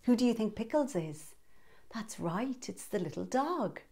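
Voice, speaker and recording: A woman reading a picture book aloud to young children, lively and asking them questions. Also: fairly high pitch, measured pace, gravelly, husky. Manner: lively, asks the listener questions. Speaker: children's storyteller.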